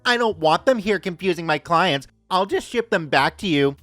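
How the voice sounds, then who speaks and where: A man's voice: high voice, lively intonation, normal speed, a bit bright, no echo, soft background music. A man voicing a pushy, demanding woman customer who complains and insists on getting her way.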